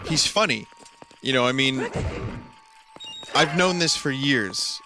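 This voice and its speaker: A man's voice: medium pitch, lively intonation, slow pace. A male streamer telling a long, rambling story while playing, full of fillers and laughs. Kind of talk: casual storytelling while gaming. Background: faint game music.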